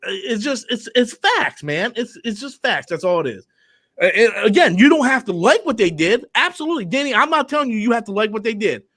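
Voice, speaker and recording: A man's voice: sits high, big pitch swings, brisk, a bit bright. A young man hosting a live online discussion, ranting with lots of swearing and stammering over repeated words. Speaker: show host.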